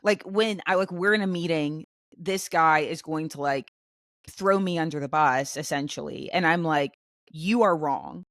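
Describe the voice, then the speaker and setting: A young woman co-hosting a casual podcast, telling a story with many restarts and fillers, and jumping much higher when she acts out her own outbursts. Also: moderate pace, fairly bright tone, no echo, studio quality. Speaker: podcast co-host. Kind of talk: casual chat.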